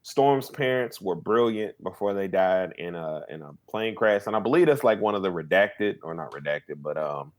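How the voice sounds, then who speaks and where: A man's voice: deep voice, lively intonation, moderate pace, hardly any pauses, a little mellow. A man co-hosting a podcast in casual chat, rambling with lots of fillers and restarts. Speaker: podcast co-host.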